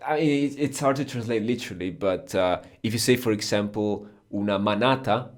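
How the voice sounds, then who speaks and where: A man's voice: fairly low pitch, fairly quick, darkish tone. A man whose first language is Italian, explaining words patiently in a casual podcast lesson and laughing easily. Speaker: Italian teacher.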